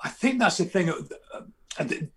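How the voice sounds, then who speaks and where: A man, a football fan guest telling animated stories in casual chat, often restarting his sentences. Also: high-pitched, moderate pace. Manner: animated storytelling, frequent restarts.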